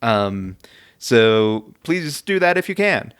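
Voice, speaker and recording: A man's voice: medium pitch, big pitch swings, slow, a bit bright, clear, resonant tone. A man hosting a podcast in casual chat, hesitant and full of filler sounds, chuckling often. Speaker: podcast host.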